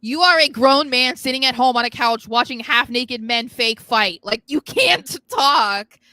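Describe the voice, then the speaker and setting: A young adult woman co-hosting a casual chat podcast, excited and giggly, rambling quickly. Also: fairly high pitch, dry recording. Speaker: podcast co-host.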